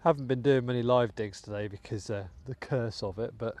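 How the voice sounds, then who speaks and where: A metal detecting vlogger from the United Kingdom chats casually to viewers while digging outdoors in a wet field, throwing in muttered asides. This British man speaks at medium pitch and a little fast. Heavy background noise runs through the clip.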